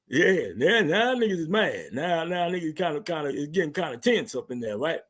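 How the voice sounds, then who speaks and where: Husky-voiced male recap host, slightly high-pitched, slangy and animated, acts out quotes. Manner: animated, slangy, laughs often, retells quotes in character. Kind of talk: casual storytelling recap.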